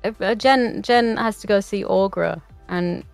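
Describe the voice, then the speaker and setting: A woman chatting on a movie podcast with a gravelly, fry-laden voice, rough from being sick. She talks loosely, swears freely and laughs a lot, recorded dry and close with faint music underneath. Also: mid-range voice, measured pace, no room sound. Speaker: podcast co-host. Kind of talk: casual movie podcast chat.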